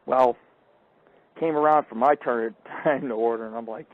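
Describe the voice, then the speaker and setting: A man hosting a live call-in radio show, telling crude, boastful stories full of profanity and swinging from loud outbursts to low mutters. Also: normal speed. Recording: tinny phone-like line.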